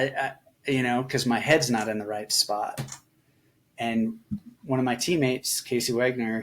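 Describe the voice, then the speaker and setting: A middle-aged man, a veteran guest on a podcast, telling personal stories candidly and reflectively, with lots of filler words and small voice shifts when he quotes people. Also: mid-range voice. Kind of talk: personal storytelling in a casual conversation.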